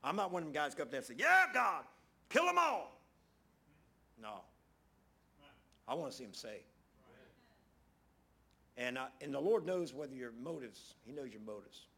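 A man's voice: medium pitch, animated, a little fast, creaky, husky. A man preaching a casual, conversational sermon, folksy, often repeating phrases for emphasis.

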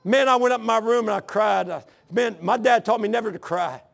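A man in his sixties preaches in church, blending scripture with personal testimony in a folksy, earnest storytelling style with rough grammar. His voice sits high, a bit bright, and he speaks fairly quickly.

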